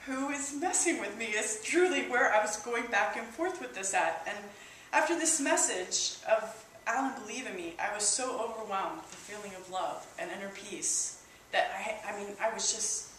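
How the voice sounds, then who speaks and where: A woman sharing a personal testimony at church, in a halting, emotional way with many restarts. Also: mid-range voice, lively intonation, a bit bright. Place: church hall. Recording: echoey hall, distant mic, faint hiss.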